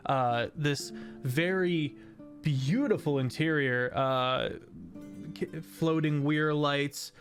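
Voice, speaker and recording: A man running a tabletop game, taking his time and filling pauses with ums and uhs. His voice sits a touch high for a man. Soft music plays behind him. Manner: unhurried, hesitant with many fillers. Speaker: game master.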